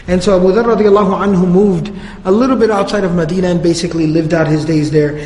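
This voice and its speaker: A man lectures on religious history in an easygoing, slangy storytelling way. His voice sits high, and the large hall around him adds a long, roomy reverb. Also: quick pace, slight background noise. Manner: conversational, slangy, animated storytelling.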